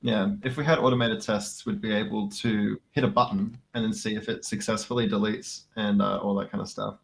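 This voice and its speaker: Low gravelly man, laid-back co-streamer. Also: a little fast. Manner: relaxed, laughs often, reads chat. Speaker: co-streaming guest programmer. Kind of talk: casual coding stream chat.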